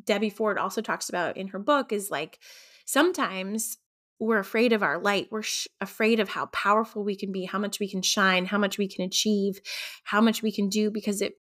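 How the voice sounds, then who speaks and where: A woman hosting her own podcast as a coach, talking in a gentle, reflective way with frequent ums. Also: medium pitch, moderate pace. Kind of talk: casual solo podcast talk.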